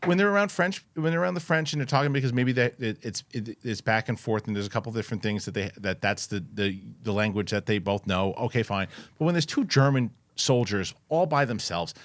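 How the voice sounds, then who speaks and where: A man hosting a casual chat show, talking in an animated, rambling way with many restarts and fillers. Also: medium pitch, a little fast, hardly any pauses, dry recording. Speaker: host.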